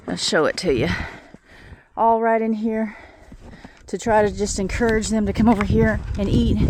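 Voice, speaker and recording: Filmed by a tripod camera outdoors in the snow, a homesteader vlogger feeds her animals and narrates casually, out of breath. Her voice is mid-range and there is background noise; she keeps chatting, speaking to the animals, and thinking aloud.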